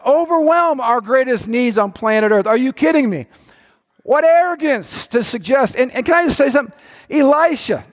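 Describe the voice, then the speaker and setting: Impassioned high-voiced male preacher in a hall. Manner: impassioned, rising to shouts, playful asides. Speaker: pastor. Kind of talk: sermon.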